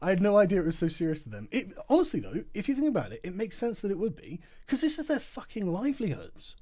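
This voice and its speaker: A man's voice: high-pitched, huge pitch swings, fast, mellow. A man hosting a late-night livestream, tired, reading out chat messages, laughing often and swearing in a mocking tone. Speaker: livestream host. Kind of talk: casual livestream chat reading super chats.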